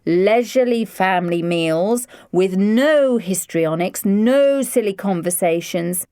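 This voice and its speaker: A woman's voice: medium pitch, expressive, slow pace, warm tone, clear, resonant tone, no room sound, studio quality. A woman voicing an exasperated middle-aged father who speaks in clipped, firm tones. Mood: stern.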